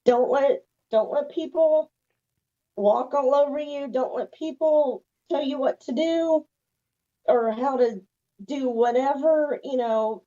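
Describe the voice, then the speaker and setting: A woman's voice: high voice, slow, dark tone. A woman guest on a radio show giving emphatic advice and saying "you know" again and again. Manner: emphatic, repeats "you know" often, laughs. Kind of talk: casual advice chat. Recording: dull lo-fi sound.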